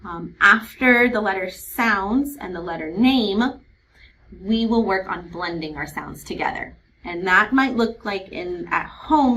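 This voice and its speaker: A woman who teaches kindergarten, explaining reading strategies to parents in a clear, patient way, slowing down to model words and letter sounds. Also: medium pitch, fairly bright tone, a little hiss or hum, poor audio. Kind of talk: instructional video for parents.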